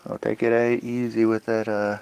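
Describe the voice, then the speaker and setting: A man's voice: lowish voice, little pitch movement, normal speed, a little mellow, rough recording. A man livestreaming at home, massaging his dogs and talking to them in playful rhyming singsong, with coaxing commands to the pets. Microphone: phone microphone on a stream. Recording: clear background noise.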